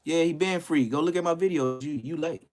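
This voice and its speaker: A man in his fifties from Los Angeles with an LA accent, roasting people on a YouTube live stream in loud, mocking street talk, laughing often and jumping into high-pitched bursts. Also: brisk. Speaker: YouTube commentator.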